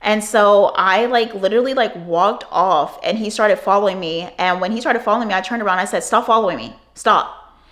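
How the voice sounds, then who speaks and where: A woman's voice: medium pitch, brisk, hardly any pauses. A woman in her twenties telling a storytime vlog, rambling with many fillers and frequent swearing. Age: 20s. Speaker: vlogger.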